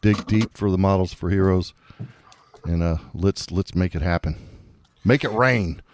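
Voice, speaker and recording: A man's voice: low voice, steady tone, normal speed, dark tone, slight background noise. A man guesting on a live stream, rallying viewers with hyped, casual talk.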